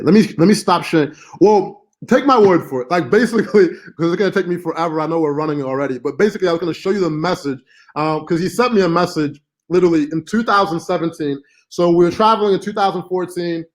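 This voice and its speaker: A man hosting a live-stream marketing class, talking casually with many fillers and asides. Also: a little high. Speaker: online marketing course host.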